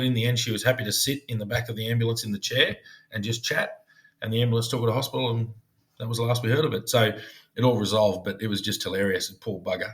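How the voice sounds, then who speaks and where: Man, podcast co-host, casual storytelling, mid-pitched voice. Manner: storytelling, slips into funny put-on voices for quoted people. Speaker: podcast co-host, former police negotiator. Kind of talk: casual chat.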